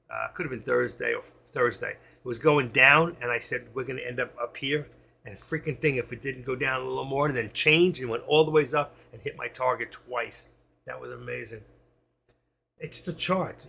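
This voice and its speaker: A man's voice: medium pitch, creaky, bright, forceful tone, husky. A man giving live trading commentary, thinking aloud and reading out prices as he trades. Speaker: stock trading streamer.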